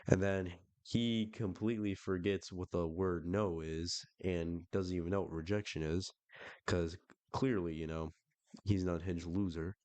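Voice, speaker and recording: A man's voice: low voice, fairly even intonation, a little slow, darkish tone, no room sound. A man doing comedic reaction commentary while reading texts aloud, sarcastic and profane.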